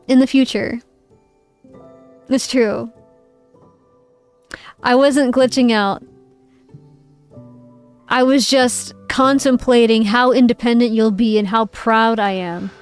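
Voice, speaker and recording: Streamer, woman, high bright pitch, giggly casual chat, soft music bed behind. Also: unhurried, clean tone. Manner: playful and giggly, reads chat aloud. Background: faint background music.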